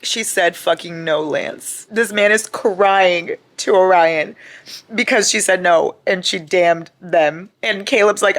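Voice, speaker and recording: A woman's voice: mid-range voice, measured pace. Emotional young woman ranting about a book. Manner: emotional, swearing, exasperated rants. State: upset from crying. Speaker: book vlogger. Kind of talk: casual reading vlog chat. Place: at home.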